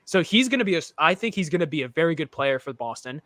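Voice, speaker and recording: A man's voice: a little high, lively intonation, fast, fairly bright tone, no room sound. A young man from the United States co-hosting a casual sports chat, opinionated and rambling, often restarting his sentences. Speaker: podcast co-host.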